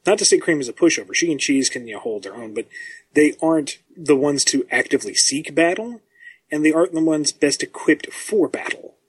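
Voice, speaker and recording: A man who writes comics, talking as a podcast guest in a measured, self-deprecating way with frequent ums. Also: fairly high pitch, lively intonation, husky. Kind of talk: casual podcast chat.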